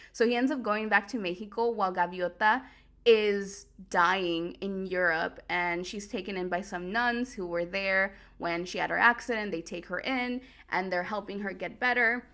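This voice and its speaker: A woman hosting a show, recapping a story in a casual, animated way, full of "like" and quick laughs. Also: medium pitch. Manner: chatty, animated, lots of "like", laughs easily. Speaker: host.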